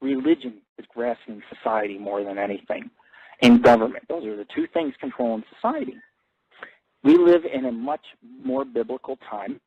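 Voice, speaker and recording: A male radio host rambling through a crude, profane live monologue, swearing constantly and jumping up in pitch when he gets excited. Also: moderate pace, no room sound. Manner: excitable, jumps high in pitch on emphasis. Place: hotel in a big city. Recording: tinny phone-line audio, dry.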